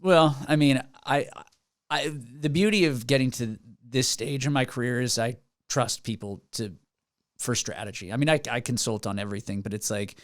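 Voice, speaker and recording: An earnest man in his forties talks through his story in a podcast studio, circling back and restarting often. His voice sits at a middle pitch and sounds dry and close to the mic. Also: moderate pace, dry recording. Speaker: musician guest. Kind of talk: casual podcast interview.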